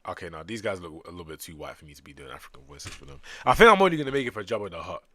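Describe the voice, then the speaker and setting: A young man streaming, reading manga aloud and chatting casually, bursting into loud excited exclamations. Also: deep voice, racing.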